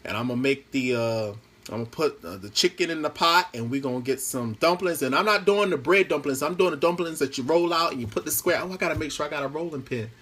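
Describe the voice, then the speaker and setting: Chatting into his phone on a live stream from home, a Facebook Live host rambles casually, swinging between playful jokes and earnest pleas. His voice is fairly high, a bit bright and slightly rough, and he talks fast.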